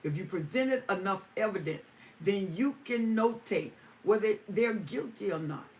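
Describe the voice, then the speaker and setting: A woman's voice: medium pitch, animated, a little slow. A woman hosting a live stream, answering viewer comments and repeating phrases for emphasis. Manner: emphatic, repeating lines for stress. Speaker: livestream host. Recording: distant mic with faint ambient noise.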